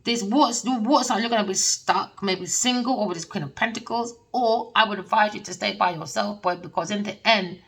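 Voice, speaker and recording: Gravelly-voiced woman reading tarot. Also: mid-range voice, fairly quick, few pauses, distant mic, rough recording. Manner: rambling and emphatic, with frequent slang. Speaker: tarot reader.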